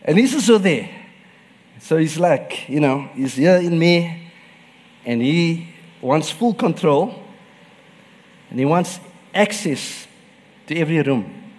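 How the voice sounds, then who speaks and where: Male pastor, higher-pitched, confessional storytelling sermon with frequent laughs, church hall reverb. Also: animated, slow, pauses often, a little mellow. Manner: personal storytelling, laughs often.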